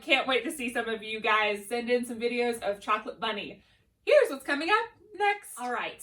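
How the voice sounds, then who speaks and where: A woman's voice: fairly high pitch, sharp tone. A young adult woman teaching a drama lesson to children, enthusiastic and encouraging. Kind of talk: upbeat classroom lesson.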